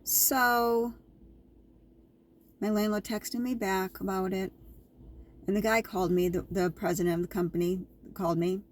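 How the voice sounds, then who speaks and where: A woman's voice: medium pitch, fairly even intonation, unhurried, pauses often. A woman vlogger casually telling her viewers a story, chatty and repetitive, with an indignant edge.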